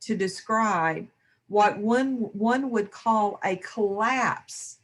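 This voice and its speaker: A woman speaking in a reflective spiritual discussion, slow and thoughtful. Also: medium pitch. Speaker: discussion panelist.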